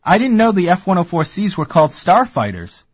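A man with a Boston accent hosts a casual radio chat, rambling through announcements with fillers and a laugh. His voice sits a little high. The studio sound is dry and dull, like a lo-fi broadcast. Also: very animated, fairly quick, breathy edge, dry recording. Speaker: radio show host.

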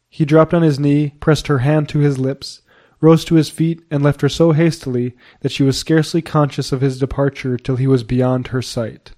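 A man narrating a period novel as an audiobook reader, in a measured, even storytelling manner. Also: medium pitch.

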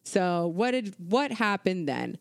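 A woman's voice: lowish voice, big pitch swings, takes it slowly, creaky, dry recording, studio quality. A woman co-hosting a casual history podcast, talking in an irreverent, profane, conversational way with plenty of fillers. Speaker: podcast co-host.

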